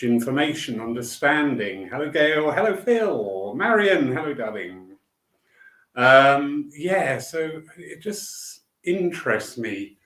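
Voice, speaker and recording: A man's voice: mid-range voice, fairly bright tone, echoey room, poor audio. A man, a spiritualist medium, talking casually to a live online audience and greeting viewers by name as he tells a story. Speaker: spiritualist medium hosting a weekly live talk.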